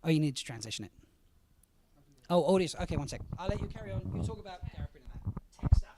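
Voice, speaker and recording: High-voiced man hosting a panel. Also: animated, warm tone. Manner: chatty, quick asides to the audience. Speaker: panel host. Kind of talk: live convention panel chat.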